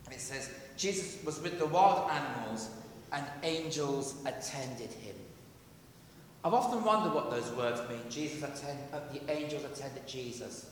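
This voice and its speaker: A man preaching a sermon in a church, earnest and emphatic, dropping to a hush for quoted voices. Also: medium pitch, expressive, moderate pace, slight background noise. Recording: echoey church, heard from a distance.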